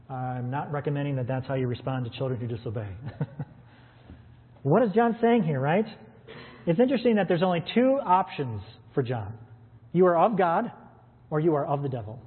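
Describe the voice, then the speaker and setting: Earnest preacher in a reverberant hall. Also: male voice, on the high side. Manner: earnest, conversational preaching with rhetorical questions. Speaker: pastor. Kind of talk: sermon. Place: church with stream audience. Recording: phone-like sound with long hall reverb.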